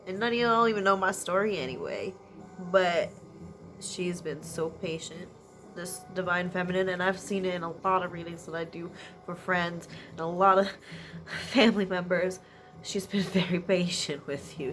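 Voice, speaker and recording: A woman's voice: lowish voice, normal speed, a bit bright, a little hiss or hum. A woman giving an emotional late-night energy reading, sniffly and teary from crying, often trailing off and laughing through tears. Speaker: tarot energy reader.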